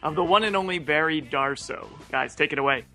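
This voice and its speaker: A man's voice: a little high, fairly quick, bright, forceful tone, soft background music. A man playfully introducing a podcast segment, pretending to be choked up. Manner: playful, mock-emotional.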